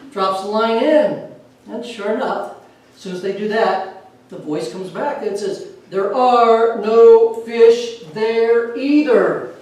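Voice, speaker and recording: A woman telling humorous stories in a lively way, recorded from far off in an echoey room with faint noise. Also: on the high side. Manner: lively, chuckles at her own punchlines. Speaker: storyteller.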